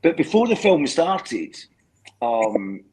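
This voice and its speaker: A man's voice: fairly high pitch, very animated, takes it slowly, darkish tone, slightly rough, rough recording. A Scottish man chatting on a live stream call, rambling through stories, repeating words and checking in with "do you know what I mean". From Scotland. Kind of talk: casual live chat.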